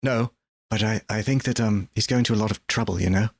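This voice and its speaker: A man's voice: fairly low pitch, steady tone, brisk, gravelly, no echo. A man playing a tabletop role-playing game, chatting in a playful, casual way. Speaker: player.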